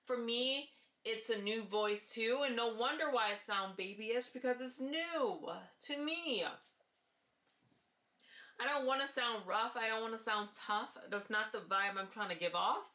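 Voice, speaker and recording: A woman talking to camera in a casual vlog, with a light, forward-placed voice and an earnest, deliberate way of repeating her key points. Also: fairly high pitch, sharp tone, echoey room. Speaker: vlogger sharing voice therapy progress.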